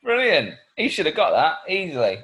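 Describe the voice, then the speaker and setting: Lively man, quick to laugh. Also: on the high side. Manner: laughs often, swears, eager reactions. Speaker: podcast co-host. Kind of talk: jokey banter.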